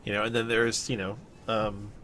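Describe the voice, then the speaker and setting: Dude on a podcast, lowish voice, bright edge, rambles and curses. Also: male voice, flat delivery, slight background noise. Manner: rambling, swears freely, quick asides. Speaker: podcast co-host. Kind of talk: casual chat.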